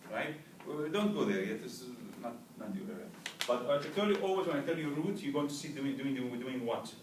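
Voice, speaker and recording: A man's voice: medium pitch, lively intonation, fairly quick. A man lectures a language class, now and then leading the students in repeating words aloud. He keeps checking for understanding as he goes. The recording is roomy and distant, with faint background noise. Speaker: language teacher. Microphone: far camera.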